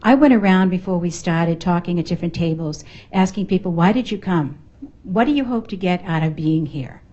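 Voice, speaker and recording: This motivational speaker, a middle-aged American woman with a Boston accent, addresses a live audience at a networking event's function room in an emphatic, playful way. She speaks briskly in a low-ish, mellow voice, on dull audio.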